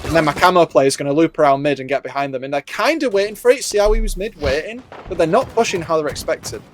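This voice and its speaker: Man, northern English accent, esports analysis, slightly high voice, faint hiss. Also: fast talker. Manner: analytical, relaxed, chuckling. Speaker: esports color commentator.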